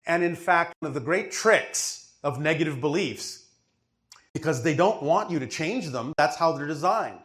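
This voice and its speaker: A man's voice: on the high side, expressive, normal speed, fairly bright tone. Emphatic man teaching a questioner. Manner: emphatic, didactic, often checks that he is understood. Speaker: spiritual speaker answering a questioner. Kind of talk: channeled spiritual teaching session.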